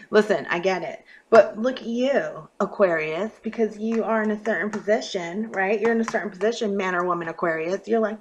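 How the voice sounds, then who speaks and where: A woman giving a casual astrology and tarot reading to her viewers, talking emphatically and swinging from quiet murmurs to loud bursts. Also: mid-range voice, lively intonation, moderate pace, slight background noise. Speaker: tarot reader.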